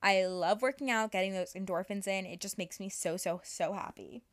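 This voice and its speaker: A woman's voice: medium pitch, moderate pace. A young woman hosting a podcast, talking in a bubbly, casual way with lots of "like". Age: young adult. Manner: bubbly, fillers like "like". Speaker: podcast host.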